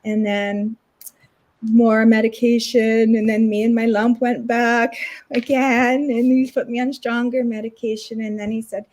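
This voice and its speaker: A middle-aged woman from Canada, telling a personal story in a casual, animated way as an interview guest. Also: fairly high pitch, measured pace. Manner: animated retelling with lots of acted quotes.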